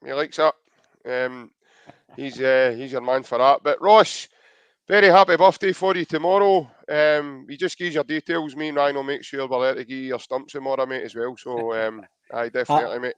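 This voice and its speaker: A man's voice: mid-range voice, moderate pace, clean tone, no room sound, dull audio. A young man with a Scottish accent co-hosting a live podcast, joking around and reading out viewer comments in a casual chat. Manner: jokey, chatty, reads out viewer comments. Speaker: podcast co-host.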